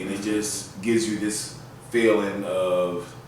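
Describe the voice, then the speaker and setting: A man with a lowish voice tells a story on his vlog, chatty, animated and loose. The sound carries a heavy room echo, as if the mic sits well away from him, with a faint hiss under it. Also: slow pace. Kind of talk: casual storytelling. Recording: very echoey room, mic at a distance.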